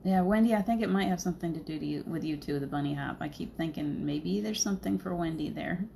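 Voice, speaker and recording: A woman talks through a casual livestream, wandering from thought to thought and breaking into laughter often. Her voice sits on the low side. A faint hum stays in the background. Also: fast talker, vocal fry, warm tone. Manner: chatty, laughing often, rambling. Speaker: spiritual medium, livestream host.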